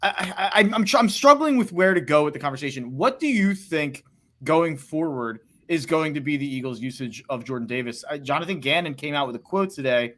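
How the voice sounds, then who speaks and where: A man's voice: on the high side, lively intonation, fairly quick, sharp tone. A man co-hosting a sports podcast, talking football in a rambling way with many restarts and hedges. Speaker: podcast co-host. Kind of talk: casual sports talk.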